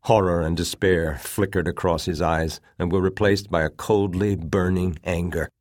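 A man narrating an audiobook in a steady, measured reading. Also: deep voice, no room sound, studio quality.

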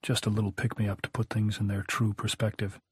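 A man with a low voice reads a novel aloud in a measured, even delivery. The sound is very dry and close, with no room around it. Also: slightly rough, no room sound. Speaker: audiobook narrator. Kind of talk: audiobook narration.

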